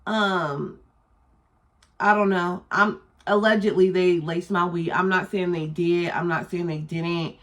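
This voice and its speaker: A young adult woman telling a storytime vlog in a blunt, animated, profane way. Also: lowish voice, unhurried. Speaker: vlogger.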